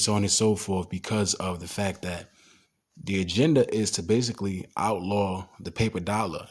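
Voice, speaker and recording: A man with a low voice and a slightly husky grain talks things through casually. He explains what he shows step by step and reads verses aloud in the same easy tone. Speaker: commentator on symbolism and scripture. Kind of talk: casual screen-share commentary.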